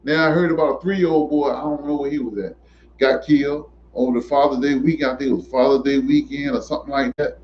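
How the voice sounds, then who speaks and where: A man in an impassioned monologue, preachy and emphatic, repeating himself and rising to near shouts. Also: medium pitch, steady tone, quick pace, a little hiss or hum. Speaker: commentator. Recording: dull lo-fi recording.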